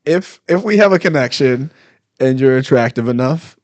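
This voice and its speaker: Comedian guest, male, mid-pitched, lively storyteller in loose chat. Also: moderate pace. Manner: animated storyteller, laughs often. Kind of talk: casual podcast chat. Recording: live stream, studio mic.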